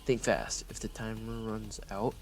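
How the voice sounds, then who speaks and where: A man's voice: lowish voice, level tone, unhurried. A man reading a story game aloud, playful and breaking off for jokes.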